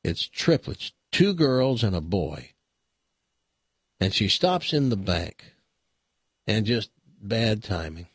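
A man's voice: lowish voice, takes it slowly, long pauses, husky, no room sound, studio quality. A man hosting a radio show, chatting casually and telling a long joke with dramatic pacing. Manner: animated, dramatic storyteller.

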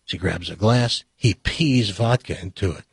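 A middle-aged man hosting a talk show, chatting casually and telling stories and jokes in an animated way. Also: fairly low pitch, measured pace, gravelly, breathy edge, dry recording, clean studio sound.

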